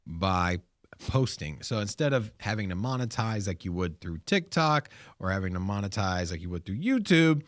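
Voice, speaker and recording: A man co-hosting a casual crypto talk show, animated and rambling with restarts and fillers. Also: fairly low pitch, moderate pace, dry recording, clean studio sound. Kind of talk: casual chat.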